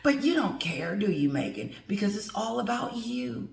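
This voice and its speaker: A woman's voice: medium pitch, big pitch swings, normal speed, creaky, darkish tone. Sassy ranting middle-aged woman, echoey room. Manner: sassy, emphatic, talks straight to viewers and greets them. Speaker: commentary vlogger. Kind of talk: opinion rant to viewers.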